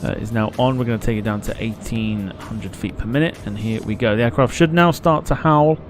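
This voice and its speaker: A man's voice: lowish voice, brisk, faint music behind. Chatty man hosting a stream. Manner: chatty, swears freely, reads chat aloud. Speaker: live-stream host. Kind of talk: casual live flight-sim stream commentary.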